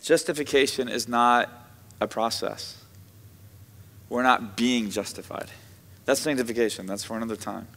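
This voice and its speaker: A male pastor preaches to his congregation in a church sanctuary, his voice bright and forceful at a medium pitch. He speaks conversationally at normal speed, leaving long pauses and slipping in joking asides. A long church-hall reverb fills the recording.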